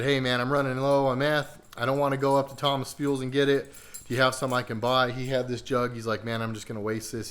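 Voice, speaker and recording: Man vlogger, smooth clear voice, mid pitch, loose rambling delivery. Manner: relaxed, rambling with many fillers. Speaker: car vlogger. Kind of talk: casual vlog walkthrough. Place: home garage.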